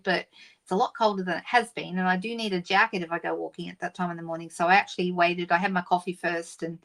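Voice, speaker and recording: A middle-aged woman hosts a live stream in a relaxed, chatty way. She greets viewers one by one and talks through her plans with easy fillers. Her voice sits at an ordinary middle pitch. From Australia. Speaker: papercraft demonstrator hosting a live stream. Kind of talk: casual live-stream chat.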